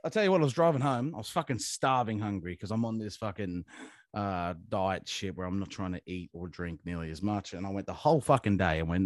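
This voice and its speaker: An Australian man telling stories in casual chat, animated and swearing freely as a co-host. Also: deep voice, a little fast, no echo, studio quality. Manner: heavy swearing, animated storytelling. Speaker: podcast co-host.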